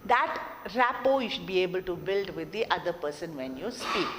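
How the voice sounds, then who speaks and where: A woman's voice: fairly low pitch, animated, normal speed. A woman giving a classroom lecture on communication, explaining and repeating her points and asking rhetorical questions. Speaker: college lecturer. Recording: long reverb, faint background noise.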